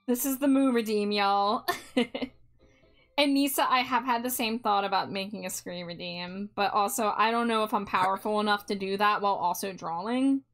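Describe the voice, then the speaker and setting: A woman's voice: mid-range voice, normal speed, fairly bright tone, faint music behind. A woman guest artist chatting casually on a stream, easygoing and laughing along.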